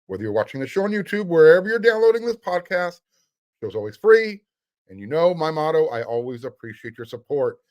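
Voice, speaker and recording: A man's voice: on the high side, sing-song, brisk, a little mellow. A middle-aged man hosting a sports podcast, talking casually in an emphatic, sarcastic, fired-up way.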